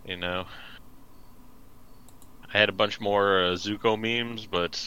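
A man's voice: on the low side, steady tone, takes it slowly, sharp tone, clear, resonant tone, dull audio. A man co-hosting a casual podcast, profane and mocking, laughing often. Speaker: podcast co-host.

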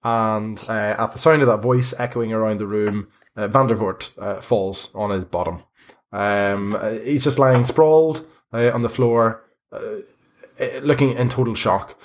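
A man narrating a tabletop game as game master, talking in a halting way with many fillers and restarts. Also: lowish voice, steady tone.

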